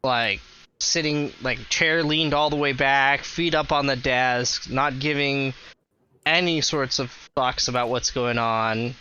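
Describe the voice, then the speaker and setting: A man's voice: mid-range voice, takes it slowly, bright, forceful tone, lo-fi sound, a little hiss or hum. A man narrating a tabletop game as game master, rambling with lots of fillers.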